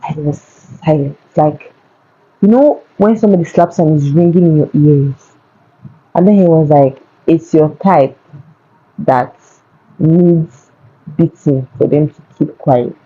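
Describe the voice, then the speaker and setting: A young woman, telling a personal story to camera in a casual, animated way, repeating words for emphasis. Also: sits low, takes it slowly, long pauses, slightly rough, dull audio. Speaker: vlogger. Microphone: phone.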